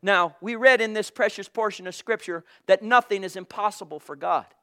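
A man preaching a fervent sermon, swinging between hushed tones and shouting, addressing listeners as brothers and sisters. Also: sits high, normal speed.

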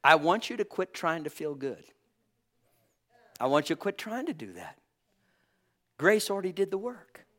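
This preacher speaks in a fairly high, very animated voice, drawing out phrases with force. Loud eruptions alternate with gentle asides, and he chuckles here and there.

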